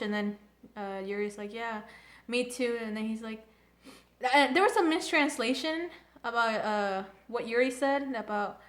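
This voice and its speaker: Gushing young woman with a high voice. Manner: gushing, filler-heavy, excitable. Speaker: anime reviewer. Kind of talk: casual chat.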